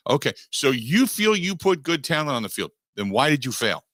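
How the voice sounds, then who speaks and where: A sports radio host, a man, talks through a studio monologue with a bright, forceful voice. The sound is dry and close, with no room around it. He stays animated, slipping into mocking quoted asides. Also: a little high, fairly quick, hardly any pauses, dry recording. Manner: animated, mock-quoting others in asides.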